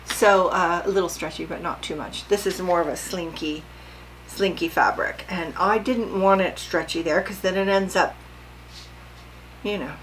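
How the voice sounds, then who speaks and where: A woman's voice: lowish voice, moderate pace, fairly bright tone, a little hiss or hum, rough recording. An older woman vlogging casually about her sewing, chatty and rambling, often asking her viewers questions.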